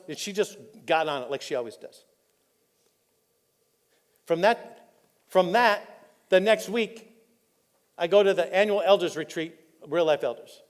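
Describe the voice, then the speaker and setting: A man pastor, preaching a candid, personal sermon that drops soft and choked up when he is moved. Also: high voice. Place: church auditorium. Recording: live in a reverberant church hall.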